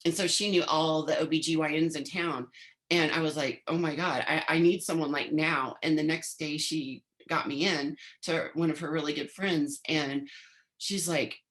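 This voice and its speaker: A woman in her fifties, a former bodybuilder, appears as a guest on an interview podcast and tells a long story in a chatty way, often quoting back the lines she said at the time. Her voice is low and a bit bright, with a steady tone and a moderate pace.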